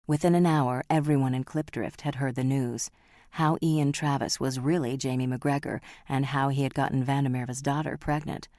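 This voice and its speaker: A woman narrating an audiobook in a dramatic, measured reading. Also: a bass voice, fairly even intonation, warm tone, no room sound, clean studio sound.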